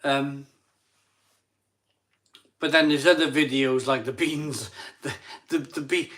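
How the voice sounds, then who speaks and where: Reading viewer comments on his casual live stream, a middle-aged man is a bit tipsy from a few beers. He takes it slowly, his medium-pitched voice fairly bright with fairly even intonation, and he chats, laughs, mocks himself and restarts as he rambles.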